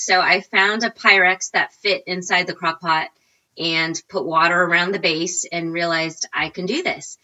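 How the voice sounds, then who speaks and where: A woman in her forties telling a lively story as an interview guest, acting out quotes with big jumps in her voice. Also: unhurried, lo-fi sound. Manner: animated, acts out quotes with big pitch jumps. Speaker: guest, recipe blogger.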